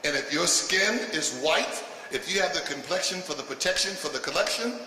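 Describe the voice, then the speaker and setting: Older male stand-up comic, high-ish voice, blunt and provocative, heard from afar in a roomy, noisy live venue. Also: animated, brisk. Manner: provocative, punchy delivery with bursts of shouting. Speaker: stand-up comedian. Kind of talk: stand-up routine. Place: live comedy stage. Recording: echoey live venue from a distance with noise.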